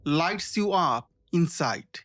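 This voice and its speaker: A man's voice: on the high side, expressive, slow pace, a bit bright. A man interviewing a guest, asking brief, prompting questions.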